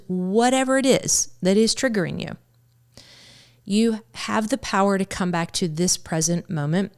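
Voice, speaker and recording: A woman's voice: lowish voice, clean tone. A middle-aged woman hosting a mindfulness podcast, telling a personal story in an earnest way and often repeating words as she searches for them. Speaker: podcast host and mindfulness teacher.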